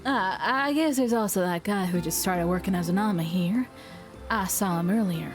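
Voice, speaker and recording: Woman reading as a brisk young island diver. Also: mid-range voice, faint music behind, pitched below the performer's own voice, lightly acted. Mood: matter-of-fact. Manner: matter-of-fact, with a light put-on accent.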